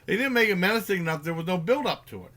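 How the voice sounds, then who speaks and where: His voice sits high, animated and slightly bright, as he gives a loose, rambling movie review. Fillers and restarts abound, and he performs the characters' lines in rapid bursts.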